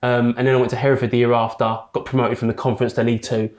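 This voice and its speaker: Young guy, podcast guest, swears a lot, rattles through his story in an echoey room. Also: medium pitch. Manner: rapid, sweary, animated retelling. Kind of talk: casual storytelling. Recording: roomy echo.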